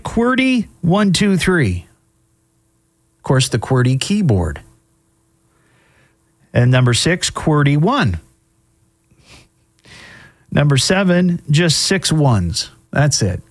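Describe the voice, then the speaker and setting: A middle-aged man hosting a show, casually commenting on odd news stories with wry asides and frequent fillers. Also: on the high side. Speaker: host.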